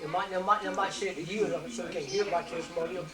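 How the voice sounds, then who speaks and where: An older man, telling rambling stories quickly at a family gathering. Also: high voice, steady tone. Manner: rambling storytelling, quick talker. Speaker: family elder. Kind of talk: casual family chat. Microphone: camcorder microphone from across the room. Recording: roomy, distant home camcorder audio with crowd noise.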